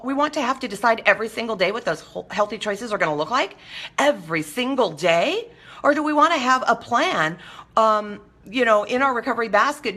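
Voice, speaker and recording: A woman hosts a casual talk segment, addressing her audience directly. Her voice is bright and forward. She talks animatedly, slipping into quick mimicked voices to make her point. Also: on the high side. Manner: animated, acts out quoted voices. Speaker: talk show host. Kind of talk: casual monologue to viewers.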